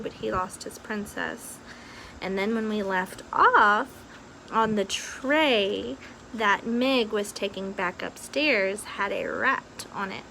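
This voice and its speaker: A woman's voice: medium pitch, bright, forceful tone, a little hiss or hum, rough recording. A woman reading a children's novel aloud with expression, after a casual recap. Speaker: reader.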